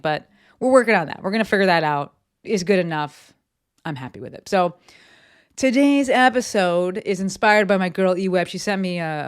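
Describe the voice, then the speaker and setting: A candid, chatty podcast host from New Jersey talks solo about business in a medium-pitched, clear and resonant voice. His delivery is loose and conversational, packed with fillers and the odd swear word, recorded in a home office.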